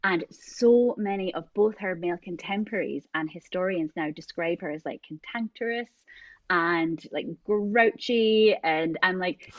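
Chatty woman, low voice. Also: a little slow, no room sound, lo-fi sound. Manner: chatty storyteller, many fillers. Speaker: podcast co-host. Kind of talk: casual chat.

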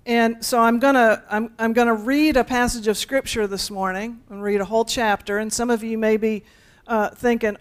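A woman's voice: a little high, fairly even intonation, moderate pace, few pauses, clear, resonant tone. A woman pastor delivering a conversational sermon, speaking directly to her congregation with playful asides.

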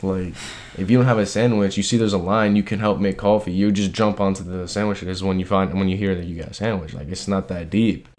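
A man's voice: low voice, fairly even intonation, fairly quick, darkish tone. A young man in casual chat as a podcast co-host, venting about work in slangy, profane talk full of "bro" and "like".

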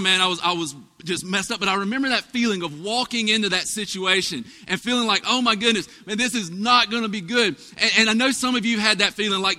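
A male pastor preaches with a high, very bright voice that carries. He tells folksy stories and throws asides to his congregation. His sermon rings out across the long reverb of a large church hall. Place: church sanctuary.

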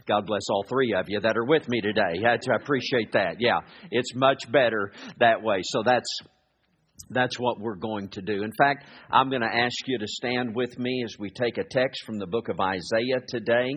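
Husky-voiced guy preaching in church, earnest, stops and restarts a lot, long echo, muffled lo-fi sound. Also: medium pitch, a bit bright. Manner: earnest, halting restarts, slows to read scripture. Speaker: guest preacher. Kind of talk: sermon with prayer and scripture reading. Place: church sanctuary. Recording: echoey hall, dull lo-fi sound.

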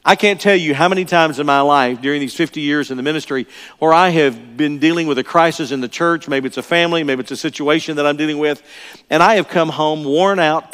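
In a church sanctuary ringing with long reverb, an older pastor gives a sermon with earnest emphasis, returning again and again to his main phrases. He has a fairly high, slightly bright voice that sounds clear and resonant.

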